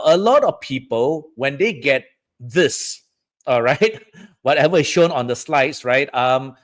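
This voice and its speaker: A man from Southeast Asia giving a live-streamed talk on feng shui to his audience. He keeps the tone chatty, dropping frequent "okay, guys" and "all right" check-ins between points. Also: medium pitch. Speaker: feng shui teacher hosting a live session.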